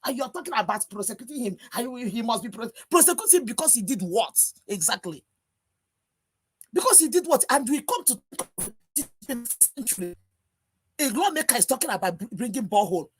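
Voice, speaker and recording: A woman with a Nigerian English accent, a panelist on a live stream over video call, rants angrily and fires off one rhetorical question after another. Her voice is slightly high and husky, brisk, with big pitch swings.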